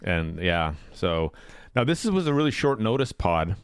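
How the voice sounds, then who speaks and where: A man's voice: deep voice, big pitch swings, moderate pace, smooth, no echo, clean studio sound. A man co-hosting a casual podcast, chatty and rambling, laughing often and swearing casually. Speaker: podcast co-host. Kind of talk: casual chat.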